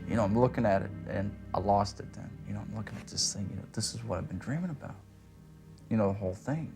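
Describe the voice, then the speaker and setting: A man being interviewed, recounting a personal experience in a plain, halting way full of "you know". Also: lowish voice, vocal fry, over music.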